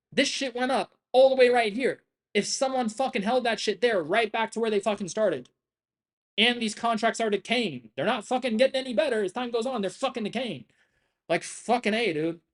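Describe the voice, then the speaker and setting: A man's voice: very high voice, expressive, normal speed. A man commentating his live trading stream, lecturing viewers in a blunt, profane, intense way with lots of repetition. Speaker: day-trading livestreamer.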